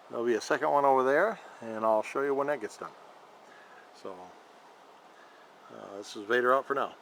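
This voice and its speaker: A man filming a casual how-to vlog about his scooter, rambling and halting with lots of fillers. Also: medium pitch, fairly bright tone, a little hiss or hum, low-quality recording. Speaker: vlogger showing a scooter horn install.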